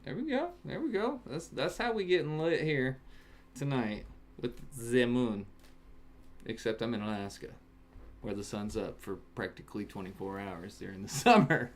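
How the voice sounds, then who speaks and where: A man casually chatting on a home stream while opening card packs, breaking into excited shouts over good pulls. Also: medium pitch, moderate pace. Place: home, in Alaska. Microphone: webcam setup.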